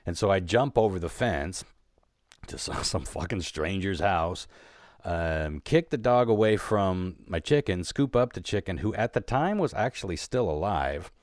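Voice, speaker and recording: A man's voice: low voice, expressive, measured pace, a little mellow, dry recording, clean studio sound. A man co-hosting a podcast, telling a long story in a rambling, profane, casual way and laughing as he goes. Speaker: podcast co-host.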